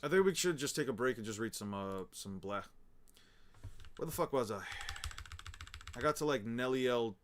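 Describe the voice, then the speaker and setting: A young man reading manga aloud on a livestream and talking to his chat, rambling and swearing, stammering over repeated words and getting loud and excited when he rants. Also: medium pitch, moderate pace, pauses often, a little hiss or hum.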